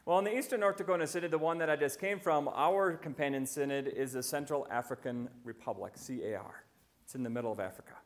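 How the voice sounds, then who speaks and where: A man preaching a sermon as a visiting pastor, telling stories and slowing down to stress key lines. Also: a little high. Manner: storytelling, slowing right down for emphasis.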